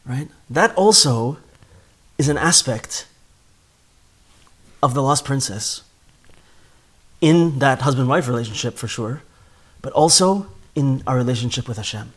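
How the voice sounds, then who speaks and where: A man's voice: mid-range voice, expressive, measured pace, pauses often, fairly bright tone, husky. A man giving a spoken Torah class in an earnest way, often repeating words as he builds a point. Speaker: Torah teacher.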